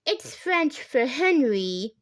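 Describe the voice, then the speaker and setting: A know-it-all schoolgirl, voiced by a woman reading aloud, explaining things in a lecturing, matter-of-fact tone. The voice is high and unhurried, close and dry. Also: big pitch swings, no room sound, exaggerated voice.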